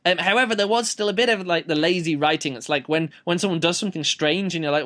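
A man's voice: high-pitched, quick pace, hardly any pauses, fairly bright tone. A man giving a casual, rambling book review, playful and full of fillers.

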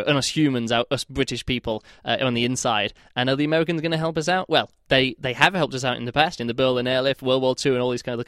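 A man talks through his thoughts on a book in an easygoing, meandering way. He hesitates often, restarts phrases and leans on filler words. His mid-pitched voice sounds dry and close, with no room echo. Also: a bit bright, smooth. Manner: rambling, hesitant, full of "like" and restarts. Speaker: book reviewer. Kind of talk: casual spoken book review.

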